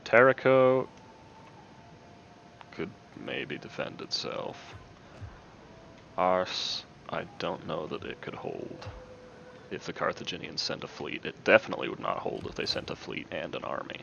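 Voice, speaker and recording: A deep-voiced man gives relaxed commentary as he plays a strategy game, thinking aloud about each move. His voice is gravelly, with a lively rise and fall. The sound is slightly dull, with faint noise. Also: moderate pace. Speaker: gaming video host.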